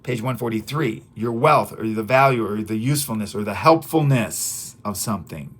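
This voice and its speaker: A man's voice: on the low side, moderate pace. A man recording an audio lesson, reading through his self-help book and explaining it in a chatty, repetitive way, often checking in with "right?" and "okay?". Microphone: audio-only recording.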